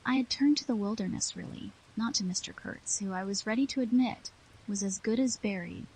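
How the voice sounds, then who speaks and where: Husky-voiced woman narrating an audiobook. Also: medium pitch, dark tone, low-quality recording. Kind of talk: first-person literary narration.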